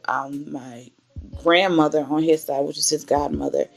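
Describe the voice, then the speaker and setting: Low, gravelly woman vlogger. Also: fairly even intonation, normal speed, faint music behind. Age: 20s. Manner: emotional, candid storytelling. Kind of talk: personal faith vlog.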